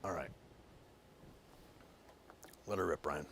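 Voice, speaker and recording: A man hosting a live online news show, switching between a loud, punchy scripted read and quiet, muttered asides to his crew. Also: a bass voice, steady tone, slow, no room sound.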